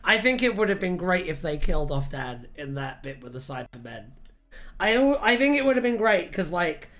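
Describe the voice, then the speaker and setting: A man hosting a casual livestream, animated and laughing often as he rambles through jokes and rants. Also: fairly high pitch, moderate pace. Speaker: livestream host.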